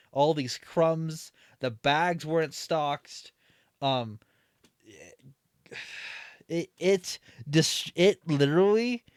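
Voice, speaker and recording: A man's voice: a little high, dry recording. Rambling man telling a work story, dry sound. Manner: rambling, many fillers and restarts. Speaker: streamer. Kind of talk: casual storytelling.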